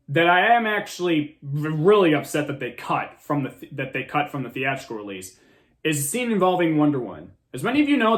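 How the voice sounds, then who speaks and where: A young man hosting his own movie review show, gushing and complaining in one long excited ramble. His voice sits high and swings widely up and down as he trips over his words and starts sentences over. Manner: excited, rambling, restarts a lot. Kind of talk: casual movie review monologue.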